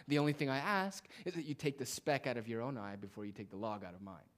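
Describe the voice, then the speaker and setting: A male preacher delivering a sermon, drawing out quiet phrases slowly and then rising to loud, emphatic declarations. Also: medium pitch. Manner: swings between hushed, drawn-out phrases and loud emphatic declarations.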